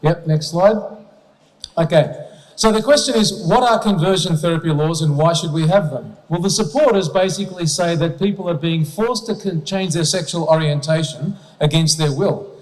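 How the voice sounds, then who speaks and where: A man's voice: fairly high pitch, moderate pace. A man giving an emphatic, rhetorical public speech with slides to an audience at an event, often checking in with "okay?". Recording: long hall reverb.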